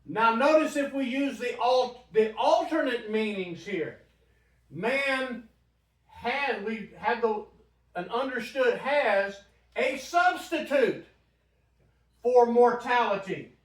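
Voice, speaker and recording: A man's voice: very high-pitched, takes it slowly. A man teaching a Bible study in a church room, talking conversationally and putting questions to the group. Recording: roomy, from a distant mic.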